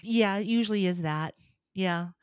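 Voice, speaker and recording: A woman, an opera singer and voice teacher, chatting casually and telling lively stories, acting out what people said and laughing often. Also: medium pitch, normal speed, smooth, dry recording, studio quality. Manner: animated storyteller, acts out quotes, laughs often. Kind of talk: casual chat.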